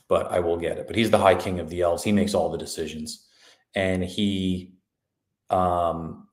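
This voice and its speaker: Podcast co-host, male, low voice, sarcastic recap delivery, roomy echo. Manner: sarcastic, mocking retelling with quick mimicked lines. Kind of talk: casual review recap.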